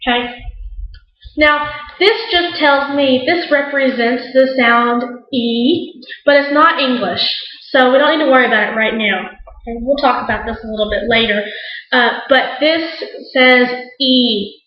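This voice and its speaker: A woman teaching an English class in a classroom, speaking slowly and patiently and stretching out sounds for her students. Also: high-pitched. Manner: slow, patient, imitates animal sounds. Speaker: ESL teacher. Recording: echoey classroom, dull lo-fi sound.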